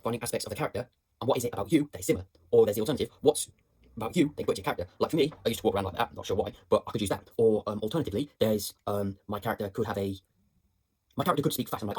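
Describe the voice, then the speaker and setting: A young drama student thinks aloud in a fast, rambling voice note, full of fillers and restarts. His voice is husky and a little low, and the sound is dry and close with hardly any room around it. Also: a little mellow, dry recording. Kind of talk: reflective voice note on acting practice. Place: indoors at home.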